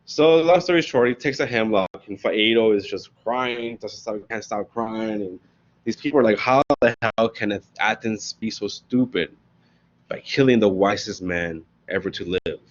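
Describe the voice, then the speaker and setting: A man giving a casual classroom lecture as a professor, telling the story in slangy, animated bits and often asking "right?". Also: fairly low pitch, normal speed, dull audio.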